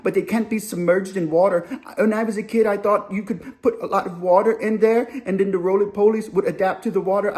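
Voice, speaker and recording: An awkward young inmate with a soft, hushed voice, as a man puts him on. He explains in a slow, earnest, lecturing way, with a somewhat high pitch. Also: lightly acted. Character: awkward young male inmate obsessed with bugs.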